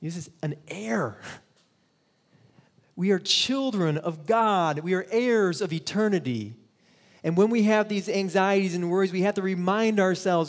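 A man's voice: high voice, moderate pace, in a large hall. A male pastor preaching a conversational sermon, telling stories and laughing at himself.

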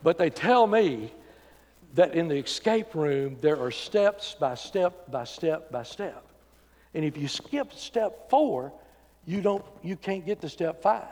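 A man preaching a sermon as pastor, swinging from loud emphatic calls to quiet, intimate talk. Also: sits high. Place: church sanctuary. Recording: church sanctuary with long reverb.

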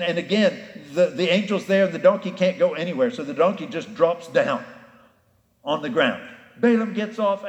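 A man's voice: high-pitched, darkish tone, highs cut off. A man preaching a sermon as pastor, in a folksy storytelling manner that acts out the characters. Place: church sanctuary. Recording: echoey hall.

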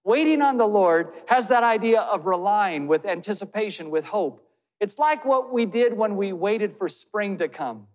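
A man's voice: high-pitched, lively intonation, normal speed. A man preaching a sermon as pastor. He speaks earnestly and puts direct questions to his listeners. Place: church hall. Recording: long hall reverb.

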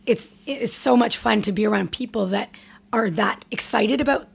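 A woman hosting a podcast, chatty and excitable, quick to brush off compliments. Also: fairly high pitch, gravelly, husky. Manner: excitable, chatty, self-deprecating. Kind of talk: casual podcast chat.

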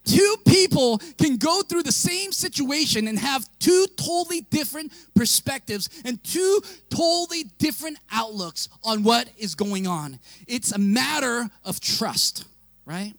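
A male pastor giving an animated storytelling sermon, often raising his voice and laughing. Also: extremely high pitch, a little slow, creaky, dry recording.

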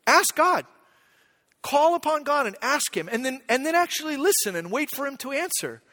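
A middle-aged man preaching a sermon, telling stories about himself with humor and swinging between quiet reflection and loud outbursts. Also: extremely high pitch, very animated, moderate pace. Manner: storytelling, self-deprecating, swings from quiet to shouting. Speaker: pastor. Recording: long hall reverb.

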